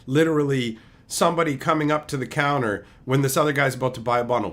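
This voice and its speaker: A man's voice: medium pitch, fairly even intonation, fast talker, a bit bright. A man streaming as he opens card packs, heatedly ranting and swearing as he tells a story in casual chat.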